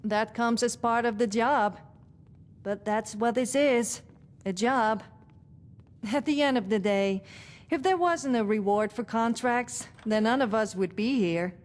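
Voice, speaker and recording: A woman's voice: a little high, measured pace, natural voice. A woman voicing a proud, glory-seeking female archer in a game, with a Scandinavian-sounding Nord accent and a practical, matter-of-fact manner. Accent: Nord-style Scandinavian-sounding. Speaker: game character.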